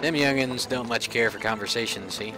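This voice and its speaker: A man's voice: mid-range voice, fairly quick, lightly acted. A man doing a chatty old peddler with a put-on brogue. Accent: put-on Scottish-like rural brogue. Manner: folksy, rambling, friendly. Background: game music.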